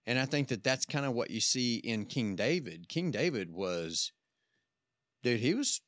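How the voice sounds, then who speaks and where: A man's voice: medium pitch, animated, a little slow, a bit bright, no echo, clean studio sound. A man co-hosting a casual talk podcast, playful and wisecracking. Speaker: podcast co-host. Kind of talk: casual chat.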